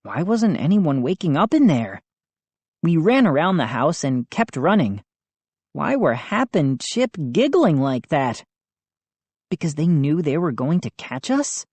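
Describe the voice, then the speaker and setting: A woman reading a first-person children's novel as an audiobook narrator, measured and expressive. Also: sits low, breathy edge, no echo.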